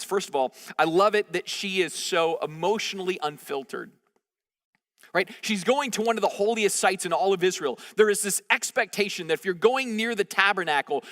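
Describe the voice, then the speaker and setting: Man, pastor, high voice, sermon, conversational and animated, long hall reverb. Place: church service, large room.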